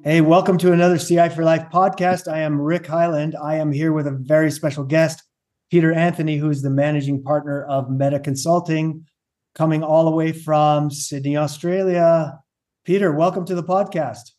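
A man hosting an interview podcast, talking in an upbeat way with fillers and quick restarts. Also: a little high, fairly even intonation, darkish tone. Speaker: podcast host. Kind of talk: casual interview chat.

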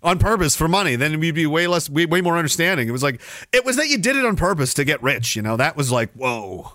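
A man hosting a podcast, ranting with sarcasm and bursting into shouting now and then. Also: fairly high pitch, very animated, quick pace, no room sound, studio quality. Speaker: podcast host. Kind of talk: ranting commentary.

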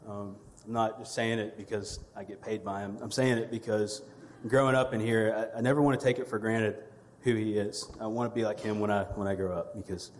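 A man's voice: lowish voice, fairly even intonation, fairly quick, hardly any pauses, big-room sound. A man, delivering a sermon as a church media director, conversational and humorous with storytelling. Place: church sanctuary.

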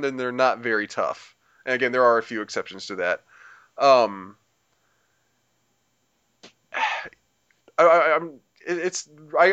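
Rambling man with a smooth voice, lo-fi. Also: on the high side, a bit bright. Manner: rambling, many fillers and restarts. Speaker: podcast co-host reviewing a game. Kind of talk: casual chat.

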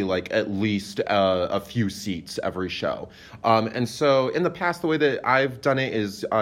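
A young man with a lowish voice is a guest on a podcast. He talks loosely and rambles, filling his sentences with "like" and "um" as he explains things. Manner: rambling, many fillers, lots of "like". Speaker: playwright guest. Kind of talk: casual interview chat.

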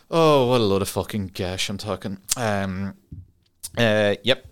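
A young man from Ireland hosts a solo podcast, speaking slowly in a fairly low, clean voice. He rambles, swears casually, and often laughs at his own tangents in this relaxed chat.

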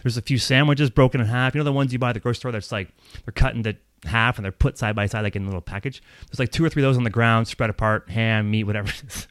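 A man tells a long personal story in a loose, rambling style, cursing often and laughing along the way, animated throughout. His mid-range voice is rapid-fire with a clean tone and no room sound.

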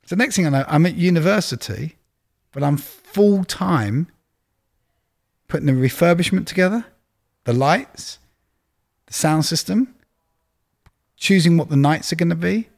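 A middle-aged man, a guest telling anecdotes in a relaxed interview, chatty and prone to playful exaggeration. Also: fairly high pitch, unhurried, gravelly, long pauses. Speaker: record label executive, guest. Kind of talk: casual interview storytelling.

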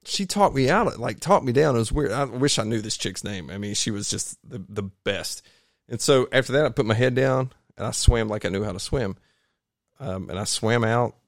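A man, a triathlete guest, telling his stories in a rambling, animated way in a home garage. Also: mid-range voice, moderate pace, dry recording, studio quality. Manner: rambling, animated storytelling with restarts. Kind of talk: casual storytelling interview.

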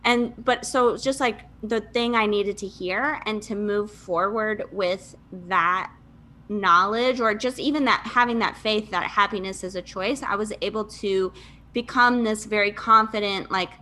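Bright candid woman in her thirties, guest on a chat podcast, lots of likes and ums. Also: medium pitch, a little slow. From Michigan, USA. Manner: candid, chatty, lots of fillers and self-deprecating laughs. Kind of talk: casual conversational storytelling.

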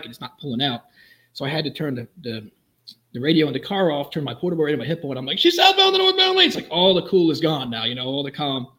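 A middle-aged police officer, appearing as a podcast guest, tells a story quickly and animatedly, acting out the lines he quotes. His voice is medium in pitch.

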